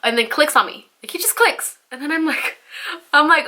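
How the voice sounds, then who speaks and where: Young woman spilling a storytime vlog, bright edgy voice, kinda high, lots of like and you know, swears a bunch. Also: moderate pace. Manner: chatty, animated, heavy use of "like" and "you know"; swears freely. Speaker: vlogger.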